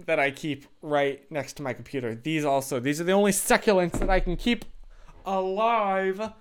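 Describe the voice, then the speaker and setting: A man's voice: on the high side, brisk. A young man live streaming from his room, chatting casually with his viewers in a rambling, self-deprecating way and laughing often. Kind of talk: casual chat with live chat readers.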